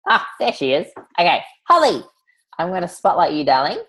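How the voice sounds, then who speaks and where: A woman's voice: fairly low pitch, sing-song, brisk, fairly bright tone, slightly rough, rough recording. A woman hosting an online event over a video call, chatty and affectionate, calling guests honey and darling.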